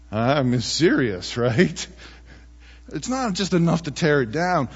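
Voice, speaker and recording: A man preaching a sermon in a relaxed, conversational way, often tossing in rhetorical questions to the congregation. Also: a little high, slow pace, breathy edge, long reverb tail, muffled recording. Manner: chatty, asks rhetorical "right?" often. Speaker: pastor.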